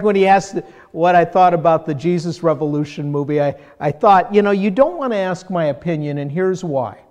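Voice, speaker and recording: An older man, a pastor, preaching a sermon in a conversational, self-deprecating way, getting animated when he mimics people. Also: fairly high pitch.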